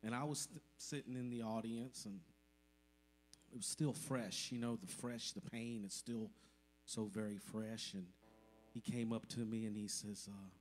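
Unhurried and fairly even in intonation, a man with a lowish voice stands before his congregation in a service, with a little hiss or hum on the recording. Speaking from the heart, this church member shares an emotional testimony of thanks.

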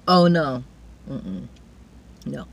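A woman's voice: extremely low pitch, very animated, drawn-out words, gravelly, breathy edge, no echo. A woman hosting a casual eating show, chatting with her viewers between mouthfuls and calling them y'all. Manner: eats and chews between remarks. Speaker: mukbang vlogger.

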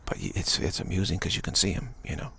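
A man giving a rambling, gentle spiritual talk, full of repeated phrases and "you know.". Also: low-pitched, fast, vocal fry, slight background noise. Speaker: spiritual speaker.

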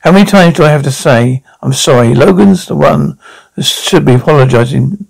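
A man's voice: fairly high pitch, lively intonation, normal speed, creaky, breathy edge, dry recording, exaggerated voice, poor audio. A man voicing an exasperated young team leader in a fan audio drama reading.

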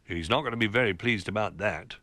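A man's voice: fairly low pitch, a little fast, sharp tone, no echo. A man voicing a cautious male toy duck with a wary, disapproving manner.

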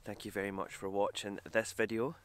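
A man's voice: lowish voice, flat delivery, fairly quick, clean tone. A man talking casually to camera on a travel vlog, chatty and self-deprecating, on a hiking trail outdoors. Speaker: vlogger.

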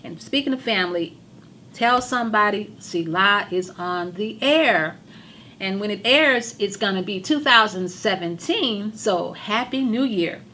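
A hoarse woman in a mid-range voice hosts a gospel television show. She preaches with fervent, repeated emphasis. A faint hum of background noise sits under her voice. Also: mid-range voice, expressive, unhurried, bright, forceful tone. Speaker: TV show host. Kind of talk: religious talk show monologue.

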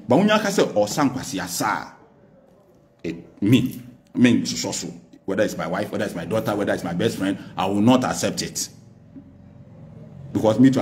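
A man's voice: on the low side, a little mellow. A man with a Ghanaian accent in a loose, unscripted TV interview. His delivery is emphatic and defiant. He slips back and forth between English and Twi while making his points. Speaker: political guest.

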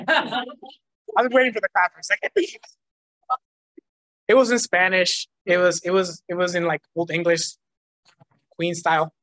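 Man, church testimony, animated storyteller who laughs often, dry close recording. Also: sits high, moderate pace, long pauses, dry recording. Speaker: church member giving a testimony.

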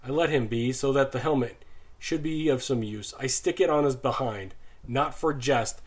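A man reading a novel aloud as an audiobook narrator, measured and sinking low and soft in grim passages.

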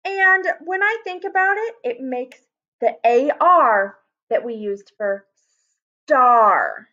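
A woman teacher giving a phonics lesson to children, sounding out words slowly and repeating them. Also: high voice, animated, bright, forceful tone. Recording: dull lo-fi recording.

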